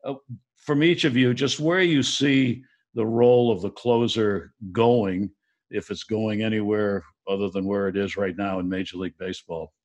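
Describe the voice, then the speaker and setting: A man hosting a panel discussion, briskly wrapping up and putting a question to each guest. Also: on the low side, fairly even intonation, darkish tone, muffled recording. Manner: brisk, wraps up and poses questions. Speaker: moderator, host. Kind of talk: panel moderation.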